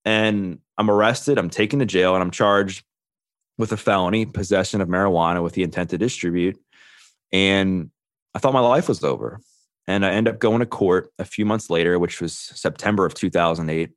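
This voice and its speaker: A man's voice: deep voice, moderate pace, dry recording, studio quality. A man in his thirties, a podcast guest, telling his own story earnestly and quoting the people in it. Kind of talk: candid storytelling.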